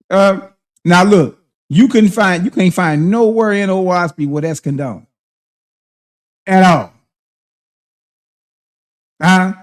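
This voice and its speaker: A man's voice: high-pitched, slow pace, long pauses. A man hosting a livestream, preaching and confronting his critics in heated, slang-heavy commentary. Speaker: livestream host.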